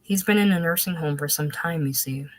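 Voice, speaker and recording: A woman reading aloud voicing a gentle, placating young man. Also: low voice, fairly quick, natural voice. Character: earnest young man, a soothing seminary graduate.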